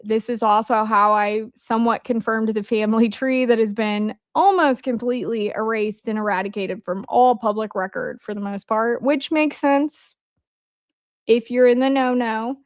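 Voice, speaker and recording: A woman's voice: on the high side, normal speed, no room sound, studio quality. A woman with a Midwestern American accent hosting a casual livestream, chatting and joking with her viewers. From Midwest of the United States. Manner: chatty, joking asides to chat. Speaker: livestream host.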